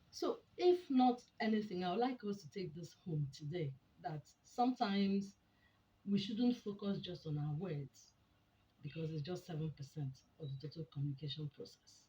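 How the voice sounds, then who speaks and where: A woman's voice: lowish voice, warm tone, dull audio, a little hiss or hum. Emphatic woman teaching a talk. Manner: emphatic, deliberate, asks rhetorical questions. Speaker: speaker on a women's program.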